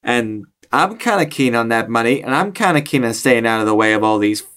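A man's voice: medium pitch, expressive, fairly quick, a bit bright. A man with an Irish accent playing a tabletop game, talking in a rambling way with lots of fillers and restarts. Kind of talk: casual in-character chat.

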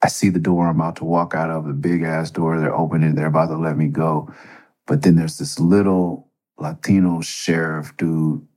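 Middle-aged man, very low voice, husky, casual, profane storyteller. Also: flat delivery, moderate pace, a little mellow. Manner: profane, rambling, conversational. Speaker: podcast host.

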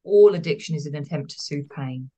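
A woman's voice: low voice, a little fast, mellow. A woman therapist, speaking as a guest in a podcast interview, explaining earnestly and repeating words for emphasis.

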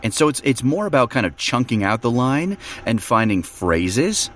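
A man who narrates audiobooks, talking in a relaxed podcast chat and explaining his process with fillers and restarts. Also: mid-range voice, moderate pace, a little hiss or hum.

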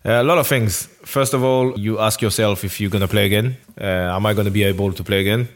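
A man's voice: on the low side, fairly even intonation, fast talker. A man from France, answering interview questions in a hesitant, word-searching way. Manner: hesitant, searching for words with many restarts. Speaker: interview guest, former footballer. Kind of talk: casual conversational interview.

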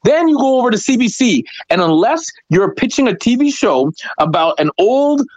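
A man's voice: very high voice, big pitch swings, normal speed, a little mellow, dry recording. A Canadian man, a comedian, ranting profanely in casual podcast chat and mimicking accents, recorded with dry, slightly dull audio. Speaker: comedian guest.

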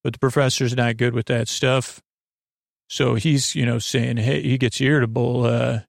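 A man hosting a sleep podcast, recapping an episode in a drowsy, meandering, deadpan way with lots of fillers. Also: medium pitch, moderate pace, creaky, no echo, clean studio sound. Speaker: podcast host.

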